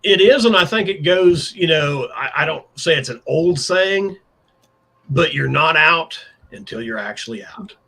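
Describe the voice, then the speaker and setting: Animated man hosting a live panel show. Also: on the high side, measured pace, creaky. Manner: animated, builds suspense before announcements. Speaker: show host.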